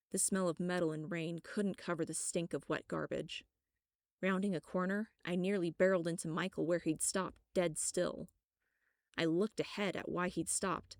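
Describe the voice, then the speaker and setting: Low, gravelly woman reading a story. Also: dry recording, studio quality. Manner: measured, even reading. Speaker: audiobook narrator. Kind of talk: first-person fiction narration.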